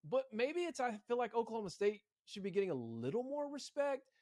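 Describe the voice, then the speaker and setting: A man with a high voice co-hosts a casual college sports podcast. He talks in bursts, often repeating a word before he gets going. The sound is dry and close. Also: a little fast, dry recording. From Arkansas. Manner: animated, repeats words when thinking. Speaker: podcast co-host.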